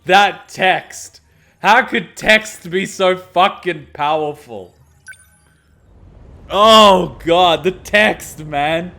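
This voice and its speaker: Slow-talking man reacting to a game. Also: high-pitched. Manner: excitable, swears freely, laughs often. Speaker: let's play host. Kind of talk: casual game reaction commentary.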